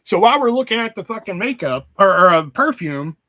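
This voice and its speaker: A man fighting a fever tells a long, casual story on his livestream, swearing freely. His voice sits a little high and sounds bright and forward. He jumps into loud, acted-out quotes as he goes. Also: big pitch swings, brisk. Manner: rambling, swears often, acts out quoted voices loudly. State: sick with a fever. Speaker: streamer.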